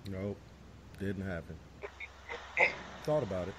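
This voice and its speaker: A man's voice: sits low, expressive, slow, noisy background. A man, laid-back and slangy in casual chat. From Bay Area, California.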